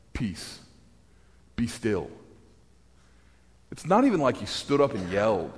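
A man preaching a sermon, telling the story in a wry, animated way with sarcastic asides. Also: mid-range voice, long reverb tail.

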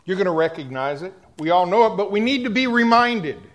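A man preaching a sermon, telling a personal story and talking straight to the congregation, dropping to a hush at times and rising loud at others. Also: sits high, animated, fairly quick. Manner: storytelling, swings from hushed to loud; addresses the congregation directly.

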